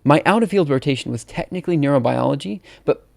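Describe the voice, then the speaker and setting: A man's voice: fairly high pitch, expressive, fast, vocal fry, no echo. A young man rambling through a casual live stream, hesitant and full of ums and restarts.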